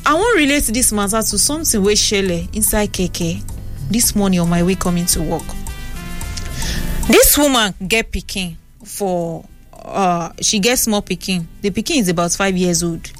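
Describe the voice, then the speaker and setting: A young Nigerian woman hosting a radio talk show, chatting and telling stories in an animated way on a studio mic. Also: mid-range voice, normal speed, faint music behind. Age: young adult. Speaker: radio host. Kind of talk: casual radio talk and storytelling. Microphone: studio microphone.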